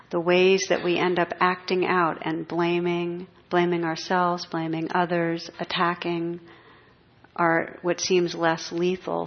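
Woman meditation teacher, lowish voice, gentle pacing, dull muffled recording. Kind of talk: spiritual talk.

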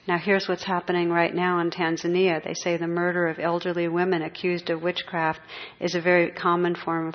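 A woman giving a spiritual talk as a meditation teacher, speaking gently and reflectively with pauses. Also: lowish voice. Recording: dull muffled recording.

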